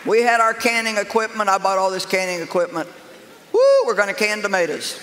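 A woman's voice: mid-range voice, brisk, a little hiss or hum. Sassy older woman preaching in a big echoey hall. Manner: sassy, animated, self-mocking. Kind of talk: humorous sermon storytelling. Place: large church auditorium with a live congregation. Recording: echoey hall with crowd laughter.

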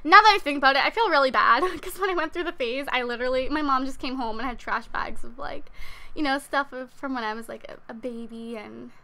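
This is a young woman hosting a let's play of a life-sim game. She talks casually and chattily, full of fillers, in a high, bright voice. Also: fairly quick, vocal fry. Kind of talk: casual gameplay commentary.

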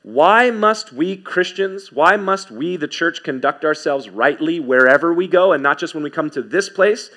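A man preaching a sermon as pastor, emphatic, repeating key phrases and swinging from quick asides to slow, stressed words. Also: on the high side, animated, sharp tone.

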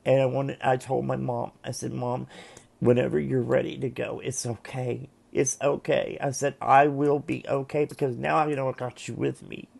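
Gravelly, husky-voiced man, halting and emotional. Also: medium pitch, level tone, a little mellow. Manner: halting and emotional, with frequent restarts. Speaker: tarot reader and vlogger. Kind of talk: casual heartfelt monologue to camera. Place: at home, seated in a chair.

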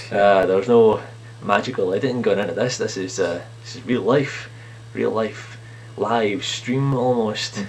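Filmed at home by a camera sitting on a TV unit, this man's lowish voice comes with a little hiss or hum. He's a video blogger talking to himself as his own clone in a loose, self-mocking improvised comedy bit set in his sitting room.

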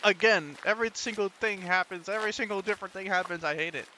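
A man's voice: high voice, fast talker, sharp tone, a little hiss or hum. A young man commentating a horror game let's play, jumpy and laughing nervously at scares. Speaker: gaming streamer.

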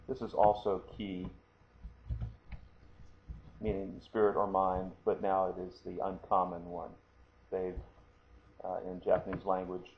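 Male instructor, low voice, patient step-by-step explainer; thin phone-like sound, light hiss. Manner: patient, explanatory, frequent "okay?" check-ins. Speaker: martial arts instructor. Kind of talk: screen-recorded lesson. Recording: tinny phone-like audio, faint hiss.

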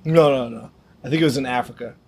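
A man's voice: mid-range voice, fast. A man co-hosting a horror movie podcast, reacting with disbelief and laughing asides. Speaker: podcast co-host. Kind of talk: casual movie chat.

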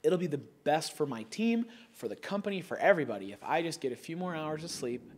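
A man's voice: fairly high pitch, very animated, a little fast, slight background noise. A man co-hosting a podcast, telling a story in a wry, self-mocking way. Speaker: podcast co-host. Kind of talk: casual storytelling chat.

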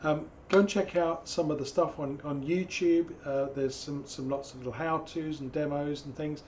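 Man, hoarse, rambling friendly painting demo, slightly high voice, faint background noise. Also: steady tone, normal speed, darkish tone. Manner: chatty and digressive, with jokey asides. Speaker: painting instructor. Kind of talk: live-stream painting demo with Q&A.

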